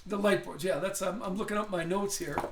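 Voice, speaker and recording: A man's voice: high-pitched, steady tone, brisk. A man hosting a live card break, chatting casually, thinking aloud and reading off names as he opens packs. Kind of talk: live card-opening stream chat.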